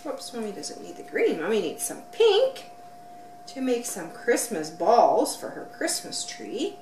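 A woman's voice: on the high side, huge pitch swings, a little slow, darkish tone, a little hiss or hum. A woman filming herself playing with her young child, encouraging him and asking lots of questions in a sing-song way. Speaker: parent filming play with her toddler. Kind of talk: unboxing and play vlog. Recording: roomy, from mic distance.

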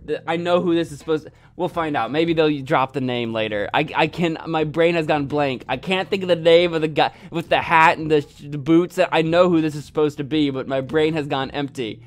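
A man's voice: a little high, steady tone, a little fast, hardly any pauses, soft background music. A man casually narrating his own gameplay, rambling and joking at himself. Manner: rambling, self-mocking. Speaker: gaming video host. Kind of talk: let's-play commentary.

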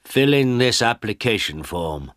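A man's voice: mid-range voice, sing-song, measured pace, fairly bright tone, dry recording, studio quality, pitched above the performer's own voice. A man voicing a curt male government official with a brusque, dismissive manner.

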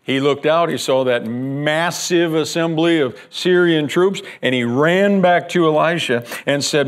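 A man preaching a sermon as pastor, telling a Bible story with lively acted-out lines, repeating words as he goes, and sinking into a hushed prayer. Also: unhurried. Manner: animated storytelling, acting out the scared servant in a high strained voice; drops to a hushed, low prayer.

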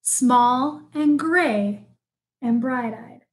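A woman reading a picture book aloud in a bright, high voice. She paces the story slowly and lingers on each phrase. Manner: slow, expressive read-aloud delivery. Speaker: storybook reader.

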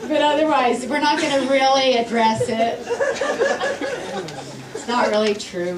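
A woman's voice: fairly high pitch, heavy background noise. A woman doing a stand-up comedy set in a club, sarcastic and irritated, with a playful edge. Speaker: stand-up comic. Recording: roomy club sound from far off, loud laughing crowd.

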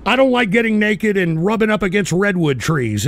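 Gravelly older man ranting loudly. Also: high voice, animated, moderate pace. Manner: profane, shouting tirades at chat. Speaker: live show host. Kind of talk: ranting live-stream talk.

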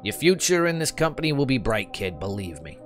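A man voicing a smooth-talking demon boss who runs a corporate office, with a New York accent and a breezy, fatherly, encouraging manner. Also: medium pitch, big pitch swings, brisk, music in the background, pitched above the performer's own voice, natural voice.

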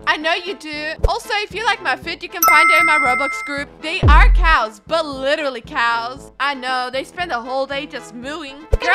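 Brief: high-pitched woman, sassy gaming commentator, music bed underneath. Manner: sassy, teasing, reads chat aloud with attitude. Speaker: gaming YouTuber. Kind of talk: playful gameplay commentary. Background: background music.

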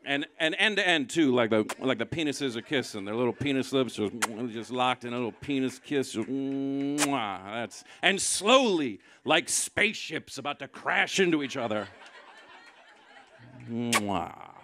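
A man performing a live stand-up set, sarcastic and building into loud mocking rants. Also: mid-range voice, lively intonation, measured pace, background noise. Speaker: stand-up comedian. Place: live comedy venue.

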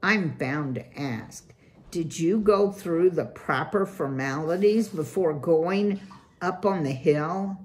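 A woman's voice: on the low side, takes it slowly, darkish tone. A woman voicing a pompous, fussy father mouse who speaks formally and grandly. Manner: formal, grand-sounding and self-important.

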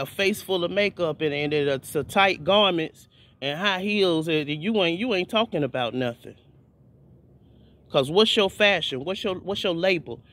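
A man with a notably high, fairly bright voice preaches an informal video sermon with fervor. He keeps circling back and restarting, repeating phrases for emphasis.

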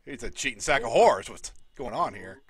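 A man hosting and announcing matches in a game, counting down loudly and exclaiming often. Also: medium pitch, expressive, moderate pace, breathy edge. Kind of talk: excited game commentary.

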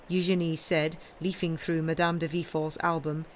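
Woman, audiobook reader, measured storytelling, faint background noise. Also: sits low, fairly even intonation, a little mellow. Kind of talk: reading a classic novel aloud on a livestream.

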